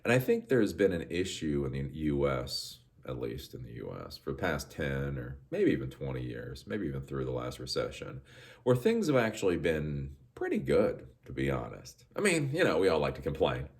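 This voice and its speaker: A man's voice: very deep voice, big pitch swings, moderate pace, vocal fry, a little mellow. A man hosting a podcast, telling a rambling story in a casual monologue with frequent restarts. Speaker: podcast host.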